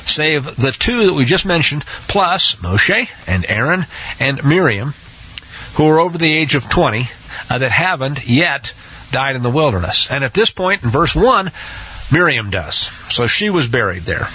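A man's voice: mid-range voice, sing-song, measured pace, sharp tone, slightly rough. A man teaching a scripture study, hesitant with many restarts and acting out the quotes, on a dull lo-fi recording. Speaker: Bible teacher.

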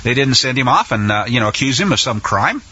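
A male preacher delivering a sermon, retelling a story with sarcastic, animated commentary. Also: mid-range voice, fast, breathy edge, dull audio.

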